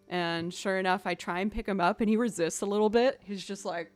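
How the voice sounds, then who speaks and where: A woman's voice: mid-range voice, a little fast. Playful woman telling a story, faint music. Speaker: musician streamer. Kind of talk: casual chat.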